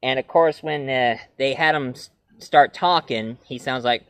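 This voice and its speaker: A man with a medium-pitched, smooth voice reviews classic cartoons at an unhurried pace in a dry recording. He rambles casually, leans on plenty of fillers, and now and then slips into cartoon voices.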